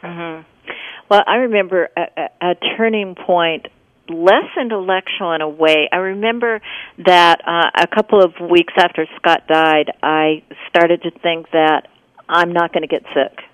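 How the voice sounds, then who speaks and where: A woman hosting a radio talk show, talking in a relaxed, conversational way with some hesitations. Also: on the low side, no echo. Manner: conversational, relaxed, halting fillers. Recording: dry narrow-band radio broadcast.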